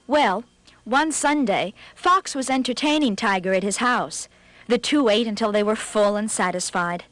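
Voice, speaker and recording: A woman narrating a children's storybook in a scripted, expressive read, slowing for effect. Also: mid-range voice, no echo.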